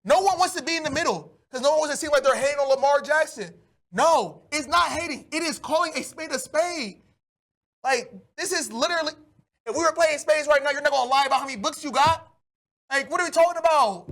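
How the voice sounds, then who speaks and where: Guy ranting on his sports podcast, fired up and exasperated, keeps yelling. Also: very high-pitched, fairly quick. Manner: animated, exasperated ranting with loud outbursts. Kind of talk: solo sports podcast rant.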